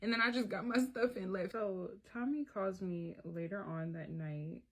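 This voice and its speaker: A woman's voice: medium pitch, steady tone, moderate pace. A woman telling a personal story in a casual, profane way, often talking to viewers as y'all. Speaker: storyteller vlogger.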